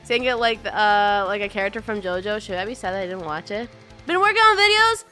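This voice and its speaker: Bright-voiced young woman streamer. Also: animated, brisk, faint music behind. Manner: bubbly, chatty, greets viewers in a high sing-song, often laughing. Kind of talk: casual live-stream chat.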